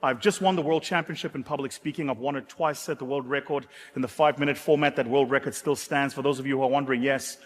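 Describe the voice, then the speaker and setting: A South African man giving a motivational keynote, an animated and dramatic storyteller with self-mocking humor. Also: medium pitch, fast talker, few pauses. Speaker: keynote speaker. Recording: echoey hall.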